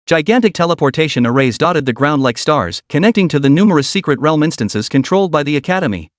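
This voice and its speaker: A man giving a steady, scripted narration of a fantasy story recap. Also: fairly high pitch, fast talker, no echo, clean studio sound.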